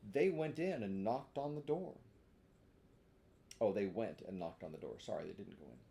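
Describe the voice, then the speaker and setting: A man's voice: fairly low pitch, expressive, normal speed, creaky, mellow, a little hiss or hum. A man reading a children's book aloud, breaking off for chatty, chuckling asides to the listener. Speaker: storyteller.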